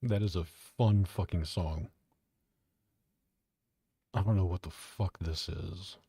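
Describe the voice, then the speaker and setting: Low, mellow-voiced man chatting on stream. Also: slow pace, gravelly, breathy edge, dry recording, studio quality. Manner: profane, offhand, self-mocking. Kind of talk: casual live-stream chat.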